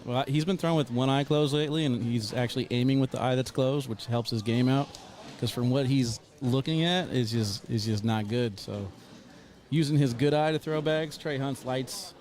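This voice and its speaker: A man's voice: medium pitch, moderate pace, a little mellow, a little hiss or hum. A man commentating a cornhole livestream, joking and teasing in a laid-back way.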